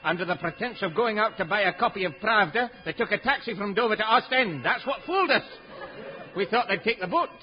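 An actor playing a dour police inspector in a 1950s radio comedy, terse with growling grunts. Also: male voice, high-pitched, lively intonation, a little fast, some chatter behind. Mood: deadpan. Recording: dull old radio recording.

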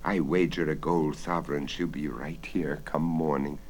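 Man playing a middle-aged innkeeper, deep, low and confiding, blunt, practical, storybook. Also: fairly even intonation, moderate pace.

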